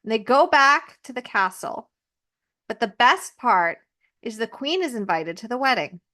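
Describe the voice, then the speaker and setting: A podcast host retells an old fairy tale in a loose, chatty manner. She is animated and wanders into personal asides. Her voice sits somewhat high for a woman. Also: measured pace. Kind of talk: casual storytelling.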